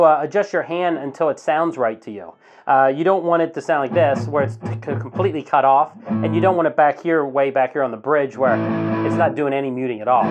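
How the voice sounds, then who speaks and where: A man teaching a guitar strumming lesson in a relaxed, casual way, counting the beats slowly aloud. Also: on the high side, muffled recording. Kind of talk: casual instructional talk. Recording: guitar playing in the background.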